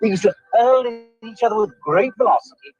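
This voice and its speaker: A man's voice: high voice, fast talker, a little mellow, breathy edge, muffled recording. A man playing a pompous professor of the future in an old commercial, lecturing grandly with amusement. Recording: old broadcast ad with music.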